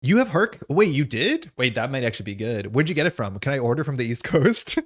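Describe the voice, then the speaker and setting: A man's voice: mid-range voice, sing-song, fairly quick, a bit bright. Chatty man hosting a livestream. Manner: chatty and rambling, full of "like". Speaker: streamer host reading chat. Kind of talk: casual livestream chat.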